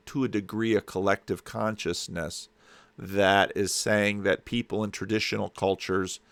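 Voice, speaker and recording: Gravelly low-voiced man musing aloud. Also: dry recording. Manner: musing and digressive, frequent restarts. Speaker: host reacting to a lecture clip. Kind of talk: casual spoken commentary.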